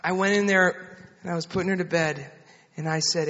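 A man in his thirties preaching a sermon, an animated storyteller who tells a family story and then builds to an impassioned appeal. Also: sits high, brisk. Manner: animated storyteller, soft-spoken quoted lines, builds to shouting. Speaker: pastor. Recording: dull sound with long hall reverb.

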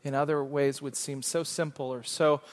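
A middle-aged man pastor preaching a sermon, telling a quiet personal story that builds into loud, fervent exhortation. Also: mid-range voice, level tone, moderate pace. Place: church sanctuary. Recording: long hall reverb.

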